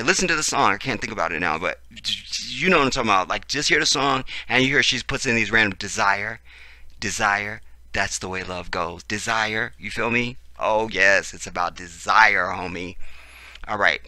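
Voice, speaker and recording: A man reading out news commentary and reacting to it, animated and profane, swinging between low mutters and loud outbursts. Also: dry recording.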